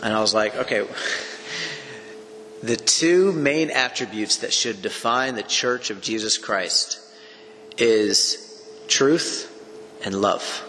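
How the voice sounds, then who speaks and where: A man's voice: on the low side, slow pace, pushed and bright. Pastor guy preaching, earnest and chatty, lots of restarts, big echoey hall w/ faint hum. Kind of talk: sermon teaching. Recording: long echoing reverb with faint room noise.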